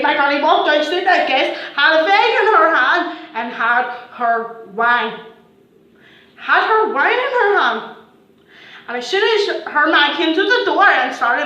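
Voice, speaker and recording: A teenage girl telling a storytime vlog, swearing a lot and acting out what people said. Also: high-pitched. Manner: animated, swearing, acting out quotes in bursts. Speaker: vlogger. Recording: echoey room.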